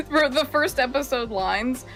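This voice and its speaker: A woman's voice: sits high, lively intonation, slow pace, a bit bright, faint music behind. A woman co-hosting a casual livestream call, teasing and giggly.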